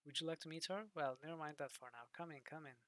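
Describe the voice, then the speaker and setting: A man voicing a chatty middle-aged woman in a video game who gushes without pausing for breath. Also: a little high, fairly bright tone, dry recording, natural voice. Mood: gushing. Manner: nonstop gushing talk.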